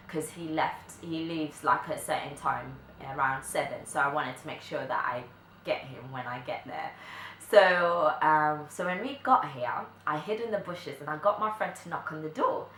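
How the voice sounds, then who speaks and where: A young woman, telling a story to camera in a chatty way, full of filler likes and quick laughs. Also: sits low, pushed and bright. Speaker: vlogger. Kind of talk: casual storytime chat. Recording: echoey room, faint background noise.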